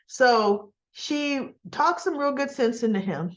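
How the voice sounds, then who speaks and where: A woman's voice: high-pitched, lively intonation, takes it slowly, few pauses. A woman casually recapping a soap opera episode, chatty and laughing often as she acts out the characters' lines.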